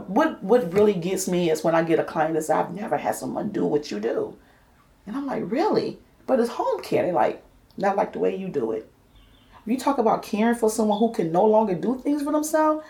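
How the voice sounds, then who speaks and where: Passionate woman home care worker. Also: fairly low pitch. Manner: passionate, animated storytelling. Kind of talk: oral history interview.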